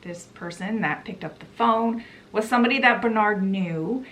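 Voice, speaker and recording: A woman hosting a book channel, retelling a novel's plot in a chatty, relaxed way. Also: mid-range voice, moderate pace, a little hiss or hum. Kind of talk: casual book summary.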